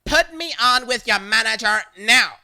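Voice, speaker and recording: A storyteller voicing an entitled woman caller who shouts demands and threats down the phone. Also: medium pitch, lively intonation, moderate pace. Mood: indignant demanding.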